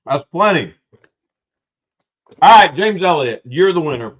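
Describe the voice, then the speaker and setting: A man hosting a live-stream auction, loudly calling out lots and prices with excitement. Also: a little high, a little slow, pauses often, dull audio. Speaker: livestream auction host.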